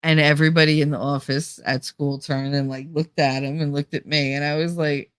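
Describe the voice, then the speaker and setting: Femme du New Jersey, voix grave et sèche. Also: female voice, sits low, a little fast, hardly any pauses, clean tone, no room sound, studio quality. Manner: laughs often, animated, swears. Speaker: streamer reading chat. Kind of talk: casual chat.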